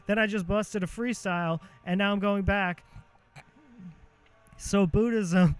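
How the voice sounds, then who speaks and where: A young man hosting a podcast, rambling in a profane, self-mocking monologue and shifting his cadence and pitch on purpose. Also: steady tone, slow pace, long pauses, clear, resonant tone, soft background music. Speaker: podcast host.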